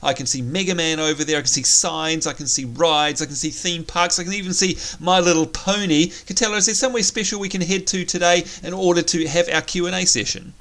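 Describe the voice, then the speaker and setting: An enthusiastic man talks his way through a game session, exclaiming over what he sees. His voice sits a little higher than most men's. It is picked up on a headset mic. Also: steady tone, fairly quick, hardly any pauses, a bit bright. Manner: upbeat, chatty, exclamatory. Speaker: host. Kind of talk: let's play commentary.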